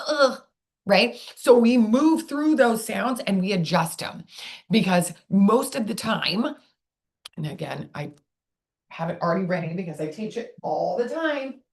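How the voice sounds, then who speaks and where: A woman speech therapist leading an online workshop in a chatty, digressive way, demonstrating sounds aloud. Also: mid-range voice. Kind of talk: live online workshop teaching.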